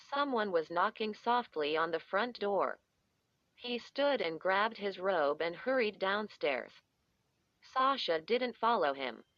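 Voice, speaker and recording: A woman narrating a horror audiobook in a measured, even reading voice. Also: medium pitch, no echo, lo-fi sound.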